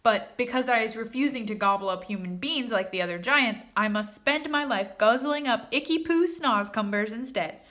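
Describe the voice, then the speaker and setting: A woman's voice: fairly high pitch, normal speed, few pauses, fairly bright tone, natural voice. A woman voicing a kindly, very old male giant who mangles his words and drops word endings, reading a storybook aloud. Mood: earnest. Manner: jumbled made-up words, rustic dropped endings.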